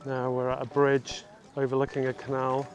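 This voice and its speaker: Male vlog host, mid-pitch, easy explanatory delivery outdoors, music bed. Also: normal speed, dull audio. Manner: relaxed, explanatory. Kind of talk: vlog narration. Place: outdoors by canals.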